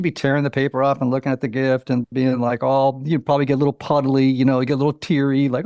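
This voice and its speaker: A man in his sixties, an author and psychotherapist, talking as a guest in an interview, animated and storytelling, acting out little quotes and using many fillers. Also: mid-range voice, fast, creaky, few pauses, no echo, studio quality. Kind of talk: conversational interview.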